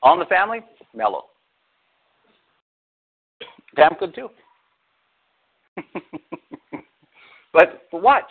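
Male pastor, animated sermon, rhetorical questions, tinny phone-like audio. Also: sits high, unhurried, creaky, husky. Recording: phone-like narrow sound.

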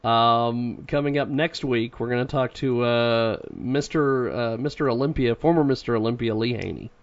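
A man hosting a radio show in casual chat, relaxed and given to laughter, telling stories with halting fillers. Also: mid-range voice, lo-fi sound. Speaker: radio host.

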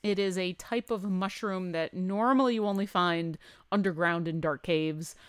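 A woman running a tabletop game, narrating scenes and asking for rolls in an easy, descriptive way. Her voice is smooth and resonant at a mid pitch, and the recording is dry and close. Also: normal speed, no echo. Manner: descriptive, relaxed, with hesitant fillers. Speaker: game master.

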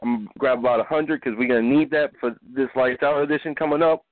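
A man hosting an online radio show, with excitable, joking banter. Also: mid-range voice, fast talker, no echo. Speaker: radio host. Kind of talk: casual live-show banter. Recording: tinny phone line.

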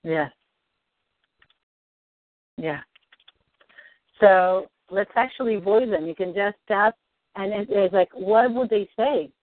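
A woman coaching a client through a tapping session, asking gentle, probing questions. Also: medium pitch, slow, pauses often. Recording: dry tinny phone-like line.

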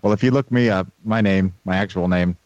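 Low-voiced Australian man hosting a podcast. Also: a little fast, a little mellow, no echo. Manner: joking, hosting segments. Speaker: podcast host. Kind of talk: casual chat. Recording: dry, slightly dull sound.

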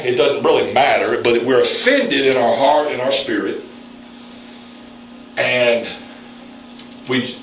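A man preaching a sermon in a church, calling on the congregation for responses and jumping up in pitch for emphasis. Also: a little hiss or hum. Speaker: pastor. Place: church sanctuary. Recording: very echoey room, mic at a distance.

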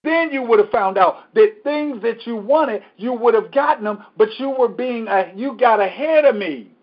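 High-voiced emphatic preaching pastor, lo-fi. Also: male voice, animated, normal speed. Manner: repetitive, emphatic preaching with scripture readings. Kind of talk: Bible study teaching.

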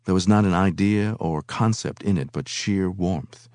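A man reading a novel aloud in a measured, unhurried way. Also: deep voice, a little mellow, no room sound, clean studio sound. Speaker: reader.

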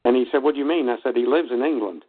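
A man's voice: mid-range voice, racing, husky. A man calling into a radio show, telling a story and quoting what each person said. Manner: storytelling, quotes people, laughs between lines. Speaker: caller. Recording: tinny phone line.

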